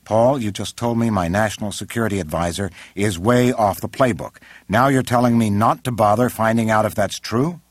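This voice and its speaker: A man's voice: on the low side, moderate pace, few pauses, dry recording, clean studio sound, voice pushed up, lightly acted. A man voicing an irritable older male president who speaks in a brusque, raised voice, in an audiobook. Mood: indignant.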